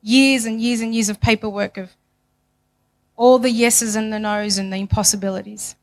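A woman giving a passionate church testimony, emphatic and repetitive, swinging from loud to hushed. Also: fairly high pitch, steady tone, moderate pace.

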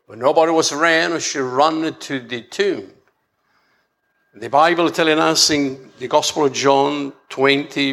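A man with a fairly high, fairly bright voice preaches a sermon haltingly, often repeating words as he restarts his phrases.

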